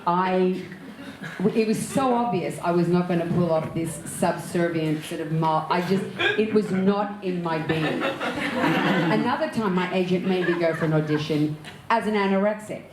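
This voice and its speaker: A woman with an Australian accent, an actor and director, telling candid anecdotes in a lively way and laughing often as an interview guest. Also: mid-range voice, roomy sound, noisy background. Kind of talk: candid storytelling in an onstage conversation.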